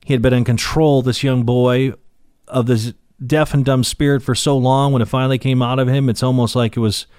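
A man speaking briskly in a steady, slightly mellow mid-range voice reads Bible verses and then explains them plainly, filling gaps and restarting as he goes. He's in pain while he talks. The tone is clean and the recording dry, at studio quality.

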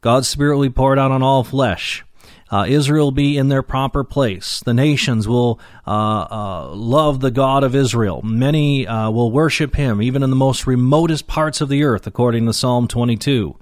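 A man's voice: mid-range voice, moderate pace, dry recording, studio quality. A man preaching a Bible lesson, reading scripture aloud and explaining it plainly with frequent fillers. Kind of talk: Bible teaching sermon.

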